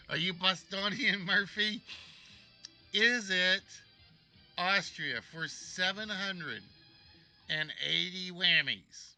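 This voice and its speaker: Man, game show host, unhurried delivery, jokey and teasing, faint music behind. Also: high-pitched, sharp tone. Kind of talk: hosting a live-streamed trivia game.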